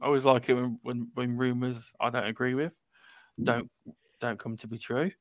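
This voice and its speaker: A man's voice: mid-range voice, flat delivery, moderate pace, no echo. A man hosting a casual gaming podcast, giving plain-spoken, rambling opinions. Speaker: podcast host. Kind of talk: casual panel chat.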